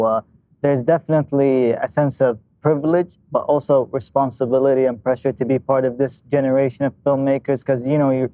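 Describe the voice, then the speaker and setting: A man from Saudi Arabia, a filmmaker, speaking in a measured, hesitant way in a roundtable discussion. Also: mid-range voice, mellow, no echo. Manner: measured, hesitant, many fillers.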